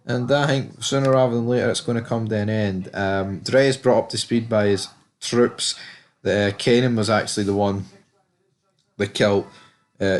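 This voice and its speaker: A man giving a casual spoken recap of a TV episode, blunt and candid, swearing freely and talking loosely with plenty of fillers. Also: medium pitch. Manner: loose and chatty, many fillers. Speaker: TV episode reviewer.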